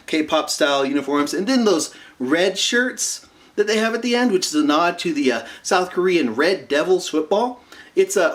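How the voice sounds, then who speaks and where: A man gives a casual rundown of a cartoon episode as its reviewer, meandering with fillers and tangents and briefly voicing the characters. Expect a fairly high pitch and a fairly bright tone.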